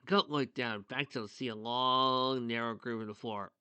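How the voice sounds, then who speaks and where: A man reading fan fiction aloud who often breaks off into excited side comments. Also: medium pitch, unhurried, clean tone, no room sound, muffled recording. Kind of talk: reading a story aloud with asides.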